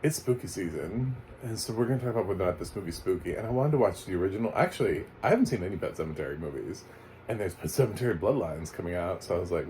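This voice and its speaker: A man's voice: low-pitched, animated, rapid-fire, darkish tone, a little hiss or hum, rough recording. A man casually reviewing a film, rambling and chatty with frequent laughs and fillers. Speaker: movie reviewer.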